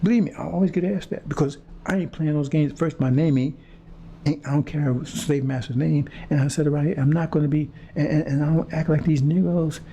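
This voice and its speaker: With a slightly high, dark voice, this preacher keeps a steady tone and fairly quick pace as he confronts his audience in a fiery monologue. He repeats himself and trips over words, restarting as he searches. A faint hiss or hum is audible.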